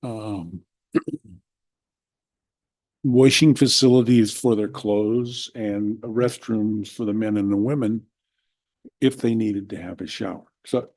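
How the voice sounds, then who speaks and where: Male councilman, husky and mellow, folksy report into a desk mic. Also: on the low side, fairly even intonation, slow, long pauses, no room sound, rough recording. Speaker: city councilman. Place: council chamber.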